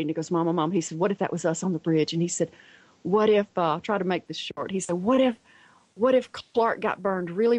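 A middle-aged woman, a guest on a radio show, tells family stories warmly and acts out the voices of the people in them. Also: on the low side, no room sound, low-quality recording. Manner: animated storyteller who acts out the quoted voices.

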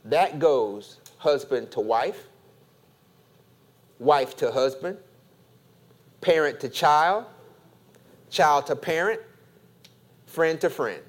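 A man preaching a sermon as pastor, slow and deliberate, asking his congregation for an amen. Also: a little high, lively intonation.

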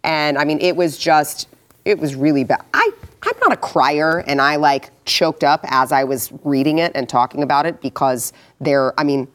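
Low-voiced woman hosting a talk show. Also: moderate pace. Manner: chatty, reads sponsor ad breezily. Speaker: host. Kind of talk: casual political talk show.

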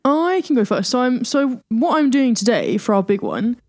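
A woman co-hosting a podcast, relaxed and blunt, with sweary reactions. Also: fairly high pitch, moderate pace, dry recording, clean studio sound. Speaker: podcast co-host. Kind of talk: casual chat.

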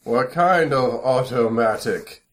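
A man co-hosting a podcast in casual banter, animated, who often mimics other people in put-on voices. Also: mid-range voice, slow pace. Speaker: podcast co-host.

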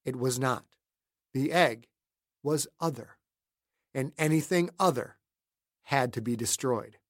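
A man reading his own novel aloud as the narrator, in a measured and steady storytelling delivery. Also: mid-range voice. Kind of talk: scripted audiobook narration.

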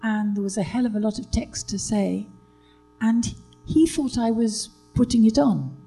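An older British actress, a guest telling stories in a relaxed chat, hesitant with many fillers and restarts. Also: female voice, a little high, moderate pace, vocal fry, slightly rough, soft background music, low-quality recording. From Britain.

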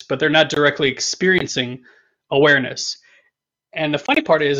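A man co-hosts a podcast in casual talk, rambling, repeating himself and joking around. His voice is fairly high and a bit bright, with a dull lo-fi recording sound.

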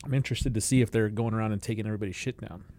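A man's voice: fairly low pitch, fairly even intonation, racing, darkish tone, slight background noise. A man co-hosting a casual talk show, giving brief, matter-of-fact answers. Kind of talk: casual chat.

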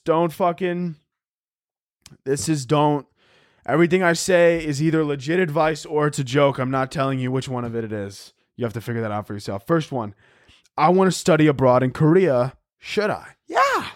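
A man hosting a comedy podcast, telling rambling, profane, self-mocking stories full of restarts and sudden excited yells. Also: moderate pace, dry recording, studio quality. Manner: jumps into high excited yells for comic panic. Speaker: podcast host.

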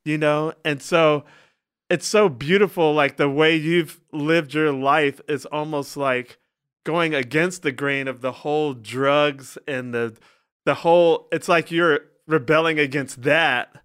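A man co-hosting a podcast, effusive in his praise and quick to laugh. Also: on the high side, steady tone, a bit bright, clean tone, no room sound, studio quality. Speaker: podcast co-host and musician. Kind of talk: casual podcast chat.

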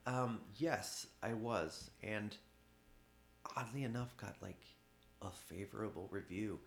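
A man, a guest artist, speaking candidly in an interview, halting with many restarts and occasional laughs. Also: lowish voice, vocal fry, roomy sound, slight background noise.

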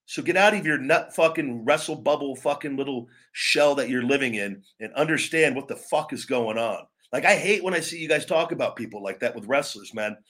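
On a live wrestling stream, a male host with a medium-pitched voice talks a little fast with hardly any pauses, aggressively berating online trolls with heavy swearing. He then shifts into calmer, rambling commentary full of restarts.

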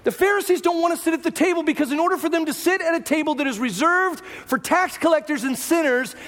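High-voiced pastor preaching in a reverberant hall. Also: male voice, fast. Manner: conversational preaching, swings from hushed to raised. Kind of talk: sermon.

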